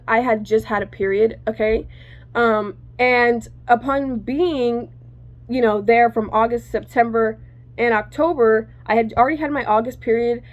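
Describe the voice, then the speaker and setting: A woman's voice: a little high, muffled recording. A woman telling a personal story to her viewers in casual chat, rambling and correcting herself, cursing freely.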